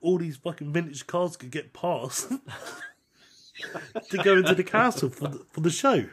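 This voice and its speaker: A man co-hosting a podcast, telling a long story in casual chat, animated, swearing often and laughing as he talks. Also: on the high side, unhurried, slight background noise. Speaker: podcast co-host.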